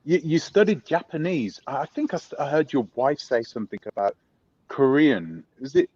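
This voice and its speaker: A man's voice: on the high side, expressive, normal speed, darkish tone, slightly rough, no room sound, highs cut off. A man interviewing a guest in a casual chat, asking rambling questions and correcting himself as he goes.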